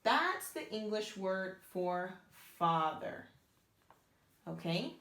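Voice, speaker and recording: A woman's voice: lowish voice, animated, a little slow, roomy sound. A woman teaching beginners to read Hebrew letters, sounding them out step by step and praising the learners. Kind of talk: slow, patient reading lesson.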